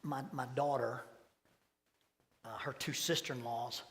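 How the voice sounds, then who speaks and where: A middle-aged man preaching a sermon, telling stories and acting out voices with sudden loud bursts. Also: medium pitch, fairly even intonation, unhurried. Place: church sanctuary. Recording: long hall reverb.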